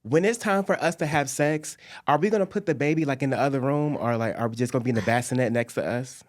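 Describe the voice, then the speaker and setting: A man's voice: medium pitch, fast. A young man from Atlanta co-hosts a casual talk show. He teases his partner in a playful way and laughs often. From Atlanta, Georgia. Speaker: podcast co-host. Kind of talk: casual chat.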